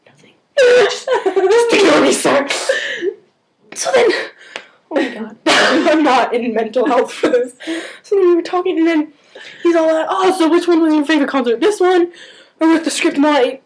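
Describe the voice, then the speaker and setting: A teenage girl telling an excited, gushing story and often breaking into giggles. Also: high voice, normal speed. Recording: noisy home video.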